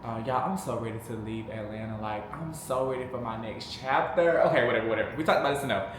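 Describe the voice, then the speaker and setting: A man's voice: medium pitch, quick pace, few pauses. A man vlogging casually to camera as a truck driver, chatty and sassy, calling viewers babes and honey. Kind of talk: casual vlog chat to camera. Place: small room, at home or in a truck cab. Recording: echoey room, faint background noise.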